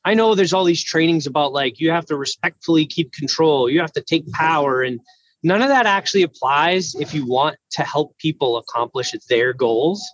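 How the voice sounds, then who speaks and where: A man's voice: on the high side, expressive, normal speed, fairly bright tone, dull audio. A man in casual conversation, talking earnestly and thoughtfully with lots of "like" fillers. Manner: earnest, reflective, many "like" fillers.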